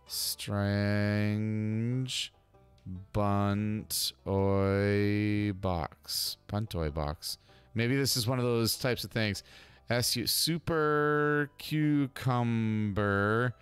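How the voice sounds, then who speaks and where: A man hosting a gaming channel, giving chatty, excitable let's-play commentary. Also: on the low side, very slow, clean tone, soft background music.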